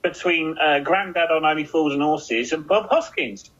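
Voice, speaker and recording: A man's voice: fairly high pitch, moderate pace, fairly bright tone, muffled recording. A man co-hosting a podcast, chatting casually with enthusiastic asides. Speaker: podcast co-host. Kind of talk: casual chat.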